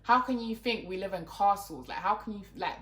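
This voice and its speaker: A woman's voice: mid-range voice, brisk, a bit bright, slight background noise. A young woman with a London accent chatting to camera as a YouTuber, exasperated and talky, leaning on "like" a lot. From London, England. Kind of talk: casual chat to camera. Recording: roomy echo.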